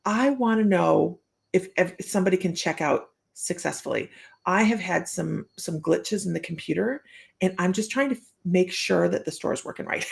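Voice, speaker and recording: A woman's voice: lowish voice, normal speed, vocal fry. A woman psychic medium giving casual live-stream readings, chatty and rambling, often breaking into laughter.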